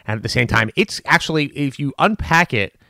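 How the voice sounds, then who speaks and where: A man giving unscripted political commentary, animated and emphatic, with frequent restarts and fillers. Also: medium pitch, a little fast, vocal fry, no room sound, clean studio sound.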